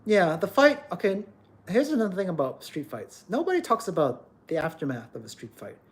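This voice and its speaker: A man's voice: sits high, big pitch swings, a little fast. A man hosting a livestream, ranting bluntly and emphatically, often repeating words as he scolds. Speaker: livestream host.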